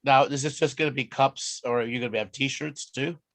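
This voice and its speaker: A man's voice: mid-range voice, fairly even intonation, fairly quick, a bit bright. A man co-hosting a comedy show, blunt and sarcastic, with casual profanity. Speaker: comedy podcast co-host. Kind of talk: casual comedic roasting banter.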